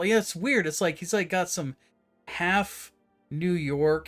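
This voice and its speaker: A man's voice: fairly high pitch, lively intonation, normal speed, fairly bright tone, faint music behind. A man streaming a horror game, chatting casually and joking about his own voices. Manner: chatty, self-mocking, reads on-screen text aloud. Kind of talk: casual gameplay commentary.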